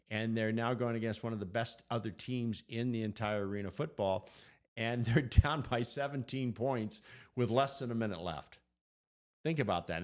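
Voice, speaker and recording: Animated storytelling man. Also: fairly low pitch. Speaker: podcast co-host. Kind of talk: casual storytelling chat.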